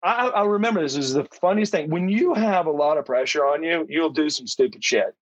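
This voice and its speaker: A man's voice: a little high, expressive, fast, no echo. A middle-aged former pro wrestler, a man, telling stories as an interview guest, rambling with many restarts. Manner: rambling, with frequent restarts and acted-out quotes. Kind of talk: casual storytelling. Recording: dull, dry lo-fi audio.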